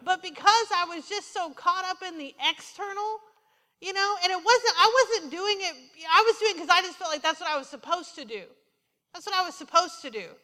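Woman preacher, high and bright, lively storytelling sermon, church hall reverb. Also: fairly quick. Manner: animated storytelling, quoting herself and others. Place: church sanctuary.

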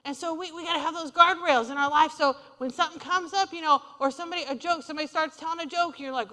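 A woman's voice: sits high, brisk, fairly bright tone. A woman preaching a sermon in a conversational, humorous way, calling out to the congregation for responses. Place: church sanctuary. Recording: reverberant hall.

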